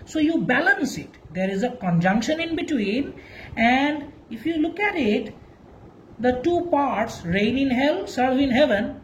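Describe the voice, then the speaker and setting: A woman gives a literature lesson at a slow, careful pace, pausing and restarting as she explains. Her voice sits fairly high and moves a lot in pitch. A faint noise runs under the recording. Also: darkish tone, low-quality recording. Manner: slow and deliberate, with restarts and emphasis. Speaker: teacher. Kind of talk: literature lecture.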